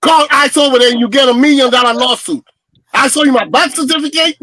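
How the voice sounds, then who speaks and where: A man arguing heatedly on a panel, stumbling over fillers and then shouting, swearing and daring others to bet. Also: very high-pitched, fast, poor audio. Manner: swears and dares bets. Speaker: panel guest. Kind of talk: heated debate.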